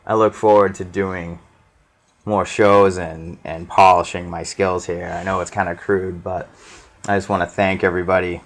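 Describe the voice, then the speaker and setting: A man with a somewhat low voice hosts his own wrestling review show. He talks casually and with animation, filling the gaps with "um"s as he walks through the matches. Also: normal speed, vocal fry. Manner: chatty and animated, with frequent "um"s. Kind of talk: casual solo recap.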